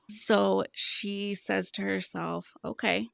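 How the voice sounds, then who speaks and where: A woman's voice: on the low side, fairly even intonation, a little slow, gravelly, a bit bright, no room sound, studio quality. A woman in her thirties, a money coach speaking as a podcast guest, telling stories in an earnest, explanatory way. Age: 30s. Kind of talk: casual podcast conversation.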